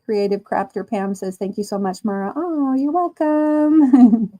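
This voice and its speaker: Her voice is on the high side, steady and warm, as she hosts a relaxed crochet livestream. She crochets while slowly chatting, reading chat comments aloud and laughing often.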